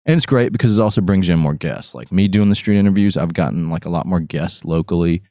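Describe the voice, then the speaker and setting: A man's voice: sits low, fast talker, warm tone, no echo, clean studio sound. Goofy, rambling male podcast host. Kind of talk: casual chat.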